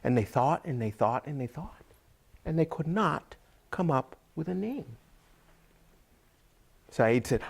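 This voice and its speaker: A man's voice: a little high, lively intonation, gravelly, darkish tone, husky. A man telling a folk tale to listeners, drawing out phrases, repeating words and dropping to whispers. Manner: drawn-out, repetitive, dips into whispers. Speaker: storyteller.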